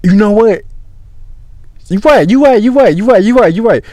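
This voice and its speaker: A young man voicing his insistent, accusing girlfriend in a pushy, higher-pitched tone within his storytime. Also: expressive, normal speed, a little mellow, no room sound. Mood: agreeing. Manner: pushy, sarcastic retorts.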